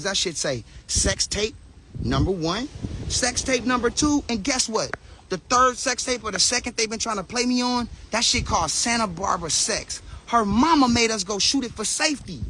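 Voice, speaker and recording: A man's voice: sits high, bright, forceful tone, a little hiss or hum. A man telling a crude, emphatic story with profanity in an interview.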